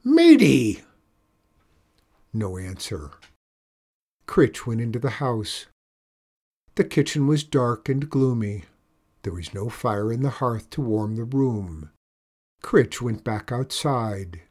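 A man narrating a children's storybook aloud in a slow, expressive way. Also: mid-range voice. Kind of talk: storybook reading.

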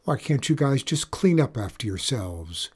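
A man playing a fiery schoolgirl, husky. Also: medium pitch, big pitch swings, normal speed, a little mellow. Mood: ranting. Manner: indignant, snappy. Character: fiery middle-school girl, nature lover.

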